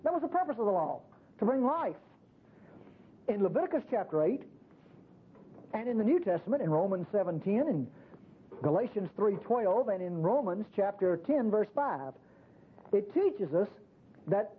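Preacher guy talking casual sermon style, husky voice, tinny phone-line radio sound. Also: sits high, normal speed. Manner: animated, conversational preaching with repeated "see". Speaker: pastor.

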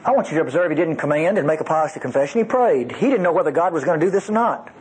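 A man's voice: fairly high pitch, expressive, very fast, darkish tone, slightly rough, poor audio. A man teaching a sermon as a Bible teacher, emphatic and folksy, with playful asides.

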